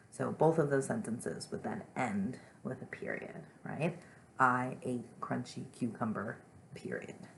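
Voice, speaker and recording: A young woman teacher giving a gentle, patient lesson to young children, reading example sentences with exaggerated expression. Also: very deep voice, measured pace, gravelly, slight background noise.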